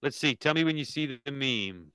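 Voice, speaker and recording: A man's voice: mid-range voice, expressive, moderate pace, pushed and bright, clear, resonant tone, dry recording. A man co-hosting a podcast, describing memes in upbeat, joking casual chat. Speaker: podcast co-host.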